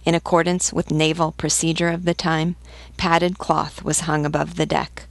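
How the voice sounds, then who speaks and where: A woman narrating an audiobook in a steady, unhurried way. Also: low-pitched, gravelly, no room sound.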